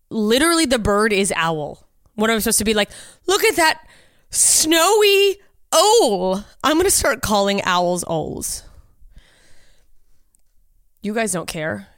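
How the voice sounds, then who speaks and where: Lively, profane woman podcast host. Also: mid-range voice, no room sound, clean studio sound. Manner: profane, incredulous, sarcastic, laughs often. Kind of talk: casual comedic chat.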